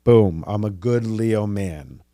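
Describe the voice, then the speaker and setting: A man's voice: fairly low pitch, takes it slowly, dark tone, no echo, studio quality. A man voicing a hot-tempered but loving male sea king, a protective father. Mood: gruff.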